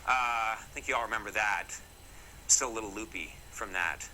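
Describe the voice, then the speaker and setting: A man's voice: lowish voice, normal speed, sharp tone, a little hiss or hum, rough recording. A middle-aged man from Massachusetts, hosting a comedy segment and telling stories to camera in a jokey, mock-serious way with wry asides. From Massachusetts, USA. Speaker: comedy show host. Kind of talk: comic talk to camera.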